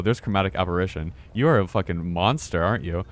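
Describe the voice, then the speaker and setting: Low-voiced male streamer reacting aloud. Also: fairly quick, hardly any pauses. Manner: reactive, swears when startled, mutters to himself. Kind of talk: live gameplay commentary.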